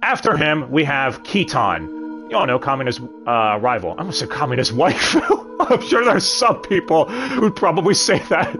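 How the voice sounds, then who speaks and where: Lively man hosting a casual review. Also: a little high, normal speed. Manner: chatty, with joking asides. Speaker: host. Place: home streaming setup. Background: background music.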